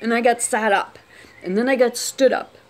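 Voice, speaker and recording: A woman telling a personal story on camera, unscripted, talking quietly with many restarts and trailing phrases. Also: fairly high pitch, moderate pace.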